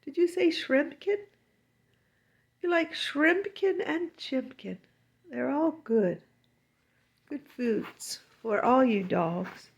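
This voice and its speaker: A woman's voice: fairly high pitch, darkish tone, husky, dull audio. A woman chatting to her dog in doting, sing-song baby talk, recorded at home. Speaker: dog owner. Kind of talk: casual talk to her pet.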